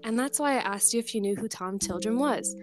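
A fairly high-voiced young woman reads an old folk tale with playful, animated voices for each character. Music plays clearly underneath her. Between the reading she chats loosely and laughs easily. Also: a little fast. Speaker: podcast co-host. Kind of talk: reading a folk tale aloud, then casual chat.

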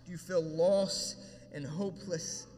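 A man's voice: high-pitched, fairly even intonation, a little slow. A man preaching an emotional sermon as pastor, speaking to a congregation in a church hall. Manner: emotional, preaching with rising intensity then a quiet prayer. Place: church hall with long reverb. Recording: reverberant hall, faint room ambience.

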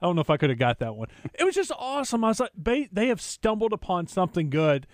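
Animated male co-host telling a story. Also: high voice, fast talker, no echo, studio quality. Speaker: sports radio co-host. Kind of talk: casual sports radio chat.

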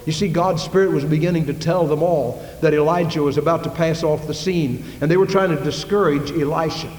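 A man preaches a sermon to his congregation in a church, his slightly mellow, high-sided voice moving a little fast with fairly even intonation. He is emphatic and full of rhetorical questions, and the hall adds an echoey reverb.

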